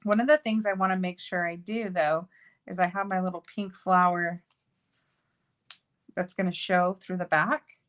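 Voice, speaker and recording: A woman's voice: fairly low pitch, fairly even intonation, normal speed, pauses often, a bit bright. A woman hosting a card-making video, chatting casually and thinking aloud as she works. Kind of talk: casual crafting tutorial chat.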